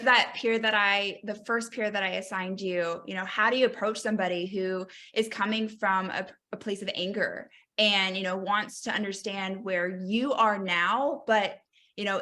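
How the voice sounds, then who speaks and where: A woman moderates a webinar, introducing a mentor and asking encouraging questions, frequently saying "you know." Her mid-range voice sounds pushed and bright, with fairly even intonation at a moderate pace.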